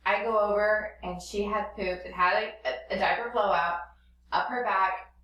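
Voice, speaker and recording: A woman's voice: medium pitch, fairly even intonation, normal speed, highs cut off. A woman co-hosting a casual chat about motherhood, telling a funny story with a wry, teasing humor. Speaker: podcast co-host, mother. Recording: echoey room.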